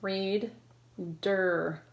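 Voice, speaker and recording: A woman's voice: mid-range voice, steady tone, very slow, creaky. A woman teacher leading a recorded reading lesson for children, prompting syllables and praising each answer.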